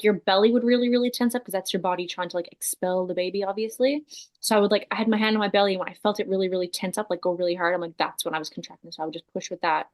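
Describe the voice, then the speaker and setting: Chatty woman telling a story. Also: mid-range voice. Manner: animated storytelling with frequent fillers, swearing and laughter. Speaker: podcast guest. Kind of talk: casual chat.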